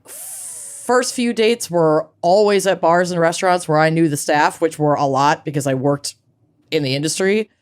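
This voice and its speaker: Smooth-voiced woman co-hosting a chat. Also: low voice, moderate pace. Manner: frank and profane. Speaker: podcast co-host. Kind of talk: casual chat.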